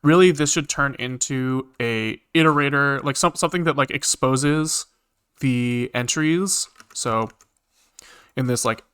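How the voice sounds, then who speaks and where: Bright, clear-voiced man thinking aloud. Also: medium pitch, a little slow. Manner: rambling, thinking aloud with many fillers and swearing. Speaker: programming streamer. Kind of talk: casual live-coding commentary.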